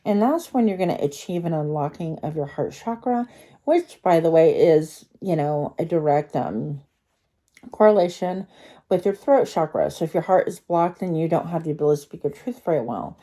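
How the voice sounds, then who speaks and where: A woman reads tarot cards for her viewers in a relaxed, rambling way, stopping often to think aloud. Her voice sits a little low and sounds very mellow and dark. Her speech is slightly slurred by a retainer in her mouth. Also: normal speed. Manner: chatty, rambling, thinking aloud with many fillers. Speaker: tarot card reader. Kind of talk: pick-a-card tarot reading.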